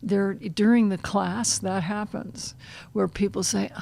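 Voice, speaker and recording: Gravelly-voiced woman, soft and guiding. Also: medium pitch, fairly even intonation, takes it slowly, a little hiss or hum. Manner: soft, guiding, drops to a hushed near-whisper at times. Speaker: animal communication counselor, guest. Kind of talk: conversational podcast interview.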